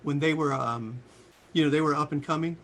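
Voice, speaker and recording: A man in his sixties telling stories as a guest in an interview, acting out the quotes in a lively voice. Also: fairly quick. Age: 60s. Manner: lively storyteller, voices quotes with big pitch jumps. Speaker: singer and guest. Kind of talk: animated storytelling interview.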